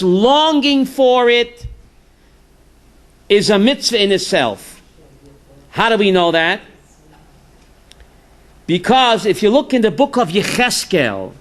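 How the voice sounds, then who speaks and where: A rabbi with a high, bright voice gives an informal class. He jokes and tells stories and keeps checking in with the room by asking "right?". His punchlines are sometimes shouted.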